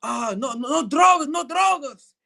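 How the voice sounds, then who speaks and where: A man voicing a Spanish-speaking male driver who talks in halting, broken English mixed with Spanish. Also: very high-pitched, lively intonation, bright, forceful tone, pitched above the performer's own voice, heavily acted. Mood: pleading.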